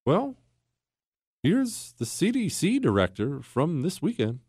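A man's voice: on the high side, wildly swooping pitch, moderate pace, a little mellow, husky, no room sound, studio quality. A middle-aged man hosting a political talk show, indignant and sarcastic in his commentary. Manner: indignant and sarcastic, voices mock quotes. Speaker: podcast host.

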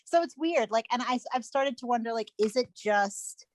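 A woman's voice: fairly high pitch, moderate pace, no room sound. A woman guest on a podcast, musing wryly in casual chat with lots of fillers. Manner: wry, musing, loose talk full of fillers.

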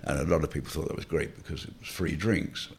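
Older male guest, husky and wry, rambling raconteur. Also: a bass voice, fast. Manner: wry, rambling, laughs through stories. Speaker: interview guest. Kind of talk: anecdotal reminiscing.

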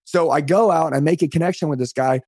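Fast-talking fervent motivational man. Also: fairly high pitch, gravelly, darkish tone, no echo, clean studio sound. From United States. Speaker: podcast guest, sales trainer. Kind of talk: energetic storytelling on a podcast call. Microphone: remote call.

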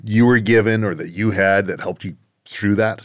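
A male podcast host who asks thoughtful follow-up questions and keeps things going with short encouraging replies. His voice is fairly low. The recording is dry, with no room sound. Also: steady tone, moderate pace, no room sound. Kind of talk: interviewing.

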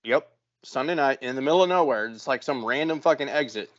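A podcast co-host telling a profane, exasperated story in casual chat. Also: male voice, medium pitch, lively intonation, a little fast, no room sound. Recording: dull, muffled dry sound.

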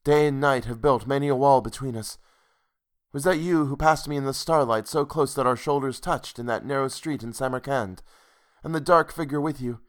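A man's voice: mid-range voice, normal speed, voice pushed up, close to an everyday voice. A man reading the part of a weary, haunted man who speaks eagerly and pleadingly to a woman in a ghost story. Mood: earnest.

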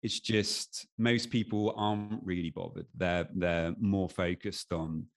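Guesting on a podcast, an English anxiety coach in middle age chats in a relaxed conversation, full of fillers and fresh starts. His English-accented voice is low-pitched, steady and unhurried.

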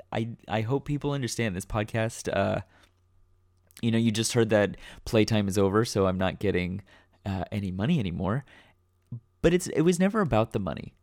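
A man's voice: fairly low pitch, darkish tone, dry recording, clean studio sound. A man hosting his own podcast, talking casually off the cuff with many fillers and restarts. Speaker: podcast host. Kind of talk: casual solo podcast talk. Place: home room.

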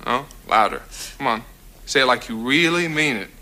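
An actor playing a pushy, upbeat psychiatrist in a TV comedy sketch, coaxing and insistent like a pep talk. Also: male voice, mid-range voice, lively intonation, normal speed, sharp tone.

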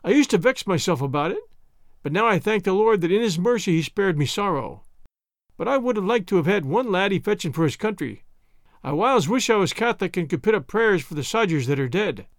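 An elderly village postmistress, put on by a male reader, homely and plain-spoken in broad dialect. Her voice sits high and moves a lot in pitch, heard close and dry. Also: expressive, brisk, no room sound. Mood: wistful. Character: homely old Scottish village postmistress, woman.

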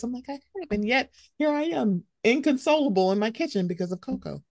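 A young woman hosting a podcast in casual chat, animated and jumping into high, excited voices as she tells stories. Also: fairly quick, no echo, clean studio sound. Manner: animated, swings into high excited voices when quoting herself. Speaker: podcast host.

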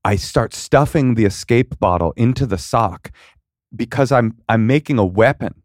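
A man's voice: medium pitch, moderate pace, no echo, studio quality. A man, a comedian and podcast guest, telling stories in casual chat and dropping into put-on voices to act out scenes. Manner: animated storyteller who slips into put-on voices.

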